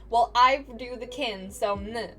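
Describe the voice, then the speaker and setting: Casting note: high-pitched young American woman, casual streamer banter, playful and giggly, light music underneath. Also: measured pace, bright, forceful tone. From United States. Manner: playful, chatty, laughs often, stumbles and restarts. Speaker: streamer, digital artist. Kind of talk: casual live-stream chat with viewers.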